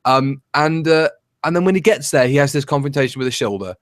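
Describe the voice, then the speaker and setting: A man's voice: mid-range voice, brisk, dry recording. A man co-hosting a casual review chat, ranting in an exasperated, sarcastic way. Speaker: co-host.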